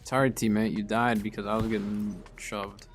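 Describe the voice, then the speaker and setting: A young man streaming a game, calmly explaining tactics and getting excited in fights. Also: fairly low pitch, normal speed. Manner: relaxed, explains tactics while playing, bursts of excitement in fights. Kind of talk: casual gameplay commentary.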